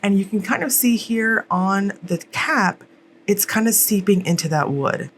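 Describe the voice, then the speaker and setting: A woman's voice: mid-range voice, expressive, unhurried, a little hiss or hum. A woman chatting casually through a product unboxing, rambling with fillers and poking fun at herself. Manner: jokey, laughs at herself. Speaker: nail polish reviewer.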